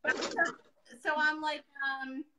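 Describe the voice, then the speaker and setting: A woman in her thirties talks through a painting demo as a guest, chatty and quick to joke. Her voice sits high and sounds bright and forward. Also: level tone, a little hiss or hum, rough recording. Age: 30s. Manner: joking, chatty storyteller. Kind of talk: casual live demo chat.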